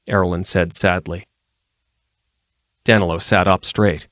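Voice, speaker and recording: Lower voiced guy reading a fantasy book, even and steady, dry. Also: moderate pace, dry recording. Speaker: audiobook narrator. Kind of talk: scripted narration.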